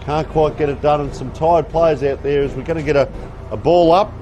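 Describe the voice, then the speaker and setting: Male commentator, folksy live play-by-play, slightly high voice, faint outdoor noise behind. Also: fairly even intonation, brisk. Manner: chatty, folksy play-by-play with asides. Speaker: sports commentator. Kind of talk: live local football commentary. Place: outdoor football ground.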